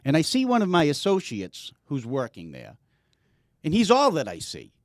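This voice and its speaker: A man's voice: a little high, huge pitch swings, normal speed, no room sound, studio quality. A man hosting a casual sports podcast, swearing, telling stories and ribbing his guest. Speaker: podcast host.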